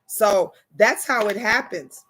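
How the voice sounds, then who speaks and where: Bright-voiced woman telling reading stories. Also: mid-range voice, slow pace, husky. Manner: animated storytelling, quoting spirits and viewers in character. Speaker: tarot reader and channel host. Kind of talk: casual livestream chat.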